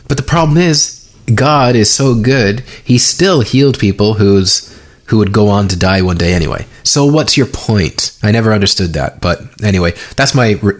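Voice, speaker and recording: Low-voiced man hosting a casual podcast. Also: normal speed. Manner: loose, rambling, with many fillers. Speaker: podcast host. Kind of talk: casual conversation.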